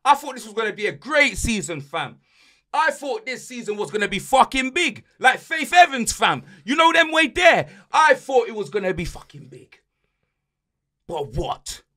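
Young man, angry football rant, high voice, bright tone. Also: very animated, normal speed. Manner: angry, ranting, heavy slang. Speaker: podcast host and football fan. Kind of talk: heated fan rant.

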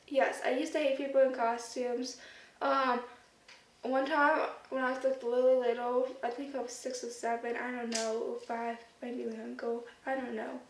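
A woman chatting casually to her camera as a vlogger, rambling with lots of fillers. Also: high-pitched. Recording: roomy echo, distant mic, faint noise.

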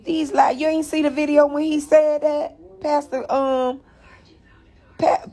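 A woman's voice: sits high, level tone, takes it slowly, dark tone. A woman hosting a live stream, ranting to her viewers in a blunt, mocking and profane way, calling them y'all, speaking into a phone.

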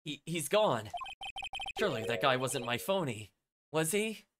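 A man's voice: on the high side, big pitch swings, unhurried, fairly bright tone, a little hiss or hum. A man reading a flustered young lawyer.

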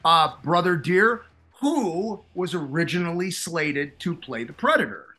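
Bright-voiced Chicago man. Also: a little high, animated, unhurried, soft background music. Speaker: co-host. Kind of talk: casual movie talk.

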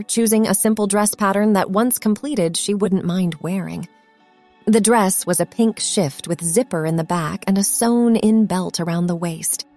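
A woman narrating a scripted story in an expressive reading voice. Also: medium pitch. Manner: expressive, acts out the characters' lines. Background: faint background music.

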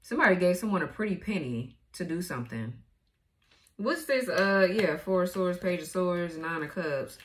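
A woman's voice: on the low side, animated, normal speed, slight background noise. Blunt, profane woman reading tarot cards. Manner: blunt, profane, laughs often. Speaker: tarot reader.

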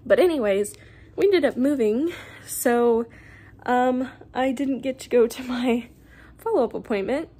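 A woman's voice: fairly high pitch, a little slow, dark tone, husky. A young woman vlogger telling a personal story in a casual, rambling way, with many fillers and restarts.

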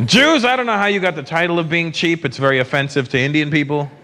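A man doing a stand-up comedy set on stage, brashly teasing the audience and slipping into quick voices. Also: a little high, noisy background. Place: on stage in a large comedy venue. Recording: live show with crowd laughter and ambience.

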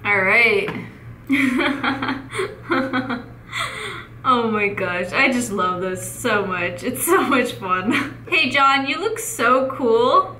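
Giggly high-voiced woman gamer. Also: pushed and bright, slight background noise. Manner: giggly, teasing, playful. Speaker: gaming YouTuber. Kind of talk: casual gameplay commentary. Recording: echoey room.

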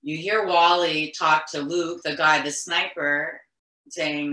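Low-voiced earnest middle-aged woman, echoey room. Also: fairly even intonation, measured pace, sharp tone. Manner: earnest, insistent, circling back with restarts. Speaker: interview guest, mother of the deceased. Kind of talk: emotional recounting in conversation.

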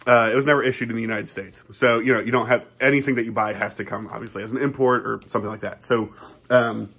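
A man with a husky voice, hosting a casual, laid-back chat about records he found. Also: mid-range voice, fairly even intonation, quick pace, fairly bright tone. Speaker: channel host, record collector.

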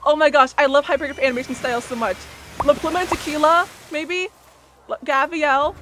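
Squealing, high-voiced excited streamer woman. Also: fairly quick, soft background music. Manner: squealing, rambling, repeats herself. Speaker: streamer reacting to a livestream. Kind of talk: excited live reaction.

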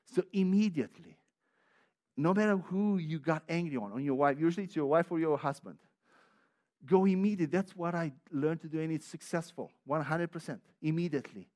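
A man with a notably high voice delivers a sermon as a pastor. He leans hard on repeated words and restarts his sentences as he presses each point. He also drops into chatty personal asides. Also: a little fast, a little mellow. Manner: emphatic and repetitive, with frequent restarts; conversational, personal asides with light laughter.

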